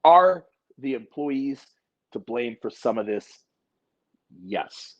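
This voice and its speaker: A man's voice: mid-range voice, lively intonation, slow pace. A man in his forties co-hosting a casual podcast chat, talking bluntly and emphatically with plenty of profanity. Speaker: podcast co-host. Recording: dull lo-fi recording.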